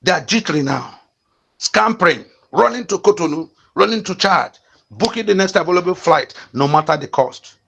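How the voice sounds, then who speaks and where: A man's voice: high voice, lively intonation, normal speed, vocal fry, sharp tone, husky. A Nigerian man in his fifties from the east of the country, hosting an impassioned political commentary in fiery, repetitive rallying calls broken by frequent fillers. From eastern Nigeria. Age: 50s. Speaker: channel host.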